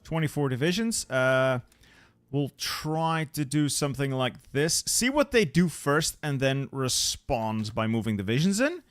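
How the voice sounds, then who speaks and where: A man's voice: medium pitch, animated, unhurried, dry recording. A man giving casual commentary on his strategy game, chatting with viewers and muttering to himself as he plans. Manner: chatty, answers viewers, mutters repeated words. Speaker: gaming channel host.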